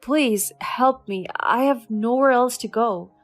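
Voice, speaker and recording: A woman's voice: on the high side, slow. A woman voicing a remorseful middle-aged man who tearfully pleads for forgiveness, over faint background music. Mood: pleading.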